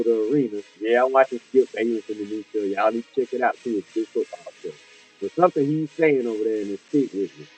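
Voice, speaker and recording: A man co-hosting a casual sports talk show over a video call, talking in loose slang and swinging from a low mutter to excited rants. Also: slightly rough, rough recording. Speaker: co-host.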